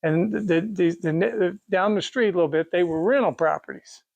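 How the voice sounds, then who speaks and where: Speaking briskly in a high, gravelly, slightly mellow voice, this middle-aged man with a Kansas accent runs a race car parts business. He spins a casual, folksy yarn that rambles, restarts, and quotes dialogue. The audio is dull with no room sound.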